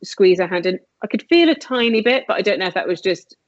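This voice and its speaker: A woman's voice: medium pitch, lively intonation, quick pace, no room sound. A woman, a podcast guest, earnestly telling a personal story and acting out the dialogue in a raised voice. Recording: dull lo-fi, dry sound.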